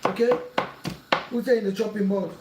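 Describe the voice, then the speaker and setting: A woman's voice: mid-range voice, fairly even intonation, moderate pace, noisy background. A woman hosting a home cooking tutorial in her kitchen, repeating earnest pleas and warnings as she works. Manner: earnest, repetitive pleading warnings. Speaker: cooking channel host. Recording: echoey kitchen, mic at a distance, clattering pots.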